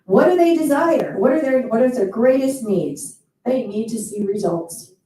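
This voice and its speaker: An enthusiastic woman speaker gives a playful motivational talk, her voice fairly high yet mellow. She stands back from the microphone, so her words ring through a very echoey event hall. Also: expressive, normal speed, distant mic. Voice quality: enthusiastic, playful, with quoted asides.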